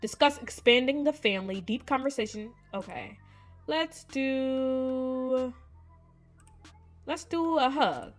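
A woman hosting a gaming video, chatting casually to viewers and reading game text aloud in an expressive way. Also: high voice, takes it slowly, pauses often, faint music behind. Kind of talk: casual let's-play commentary to viewers.

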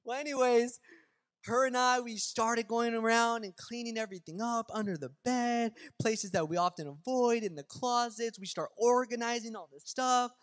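A man's voice: very high voice, moderate pace. Impassioned male pastor in a reverberant sanctuary. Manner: animated preaching, swings from loud to hushed; casual, addresses crowd as y'all. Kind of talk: sermon. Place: church sanctuary. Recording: long hall reverb, faint music.

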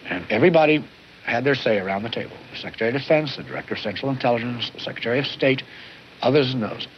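Deliberate man in muffled archive interview. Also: medium pitch, slight background noise. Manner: deliberate, hesitant with pauses. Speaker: former official interviewee. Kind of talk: documentary interview recollection. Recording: muffled archive documentary audio.

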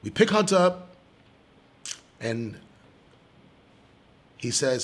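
A man with a husky, slightly rough voice tells a story from his own life in a sit-down interview. He talks casually and with feeling, curses freely, and swings between low, quiet moments and loud bursts. His pitch sits in the usual middle range for a man. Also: measured pace. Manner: animated storyteller, swearing, loud bursts when excited. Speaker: comedian.

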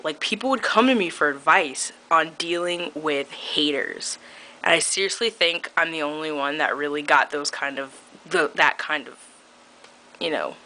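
Chatty young woman with a low, bright voice. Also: slight background noise, low-quality recording. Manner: chatty, filler-heavy, laughs often, sarcastic. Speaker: vlogger. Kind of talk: casual vlog rant.

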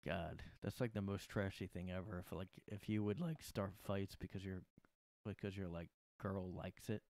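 A man's voice: sits low, moderate pace, creaky, a little mellow, no room sound. A young man hosting a comedy podcast from his room, rambling in a sarcastic, profane way. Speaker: podcast host. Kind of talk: casual comedic monologue.

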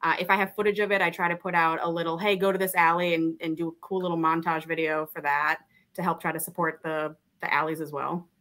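A woman's voice: low voice, fast talker. A woman guest in a casual podcast chat, telling stories and laughing often. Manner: chatty, laughs often, lively storytelling. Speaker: guest, social media creator.

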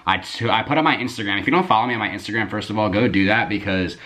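Rambling, excitable young man vlogging. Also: on the low side, racing. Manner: rambling, excitable, swears casually. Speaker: YouTuber. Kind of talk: casual vlog chat to camera. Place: indoors at home, bedroom.

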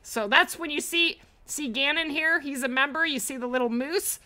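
A woman's voice: sits high, normal speed, pushed and bright. A woman streaming a hunting game live, chatting casually, thanking viewers and often laughing. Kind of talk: live gameplay stream chat.

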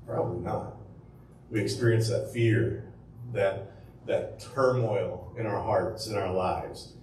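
A pastor delivers a sermon, telling the story conversationally with rhetorical questions and fillers. His voice is lowish, slow, and darkish, with a little hiss or hum, recorded from far off in an echoey room with faint ambience.

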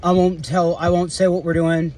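A man's voice: fairly high pitch, level tone, moderate pace, a little mellow, a little hiss or hum. Rambling, swearing man vlogging from his car. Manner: rambling, swears casually, many fillers and restarts. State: eating while talking. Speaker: security guard vlogger. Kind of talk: casual rambling vlog. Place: in and around a car outdoors.

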